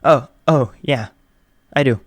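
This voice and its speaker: A shy, flustered teenage boy who stammers and trips over his words, as a male reader voices him. He sounds nervous and earnest, slightly raised in pitch. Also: takes it slowly, no room sound.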